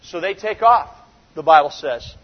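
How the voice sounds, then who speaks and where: A man's voice: a little high, expressive, normal speed. A man in his thirties preaching a sermon, speaking in an emphatic, conversational way. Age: 30s. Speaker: pastor. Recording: dull recording with long reverb in a large hall.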